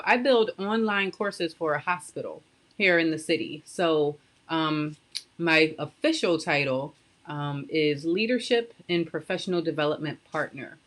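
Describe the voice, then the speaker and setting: A woman's voice: low voice, a little slow, a bit bright. Bubbly woman hosting a live stream. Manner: bubbly, greets viewers by name. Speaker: live stream host, soap maker. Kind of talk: casual live stream chat.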